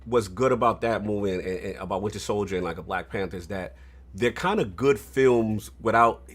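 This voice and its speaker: A man co-hosting a casual podcast, talking in street slang and hyping up his partner. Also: lowish voice. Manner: slangy, hype, quick affirmations. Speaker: podcast co-host.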